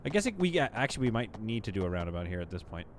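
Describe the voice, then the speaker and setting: A man's voice: fairly low pitch, big pitch swings, very fast, noisy background. Chatty man streaming a city builder. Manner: chatty, talks to the game and to chat, playful asides. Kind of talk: live gameplay commentary.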